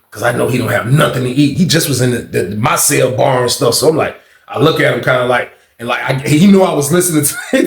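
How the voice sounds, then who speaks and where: A man's voice: a little high, gravelly. A man telling a story in a loose, slangy way, often adding "you know what I mean". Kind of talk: casual storytime narration. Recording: roomy echo.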